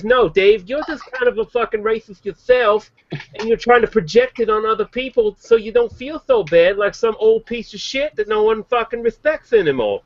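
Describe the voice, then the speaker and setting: Man, sarcastic teasing, high voice, muffled webcam sound. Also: expressive, normal speed. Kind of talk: casual group video chat. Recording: muffled lo-fi video call audio.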